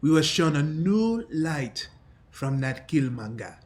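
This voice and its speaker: A man's voice: fairly high pitch, sing-song, slow pace, darkish tone. A man voicing a bitter scarred warrior in his forties. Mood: defiant. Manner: defiant, proud speeches.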